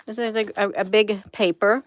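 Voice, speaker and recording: In a relaxed livestream, a woman in her 50s who hosts the channel keeps addressing her viewers as "you all," rambling with plenty of emphasis. She speaks at a moderate pace in a steady, mid-range voice without echo.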